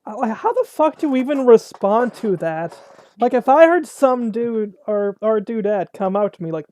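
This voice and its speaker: Swearing podcast host, mellow voice. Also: medium pitch, lively intonation, moderate pace, dry recording. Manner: crude, swearing, joking with bad pickup lines. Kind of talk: casual chat.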